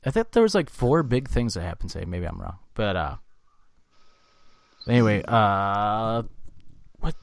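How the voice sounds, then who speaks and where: A young man co-hosting a podcast, telling loose, profane stories in casual chat and loudly acting out what people said. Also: on the low side, expressive, measured pace, vocal fry, long pauses, no room sound. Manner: swearing storyteller, acts out quotes loudly. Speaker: podcast co-host.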